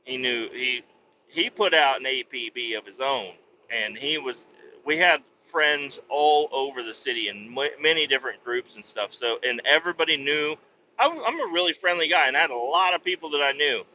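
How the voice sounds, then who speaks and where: A man's voice: medium pitch, moderate pace, pushed and bright, muffled recording, slight background noise. A man hosting a podcast, telling a rambling, profane anecdote with casual restarts. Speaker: podcast host. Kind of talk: casual storytelling.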